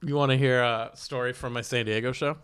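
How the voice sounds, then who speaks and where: Male comedian co-host, mid-pitched, anecdotal storyteller voicing the people in his tale. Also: fairly even intonation, a little fast, a bit bright, smooth. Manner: storytelling, acting out quotes, laughs often. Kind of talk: casual podcast chat.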